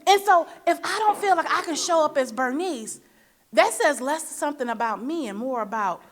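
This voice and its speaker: Woman from Michigan, forum moderator: preacher-like motivational delivery, playful storytelling, slightly high pitch. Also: moderate pace. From Michigan, USA. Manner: preacher-like, rhetorical questions to the audience; lively storytelling with playful asides. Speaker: panel moderator.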